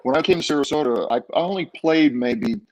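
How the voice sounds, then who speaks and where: A man's voice: a little high, brisk. An older man, a former ballplayer, recounting his career in a casual interview with many fillers and restarts. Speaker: guest, former baseball player.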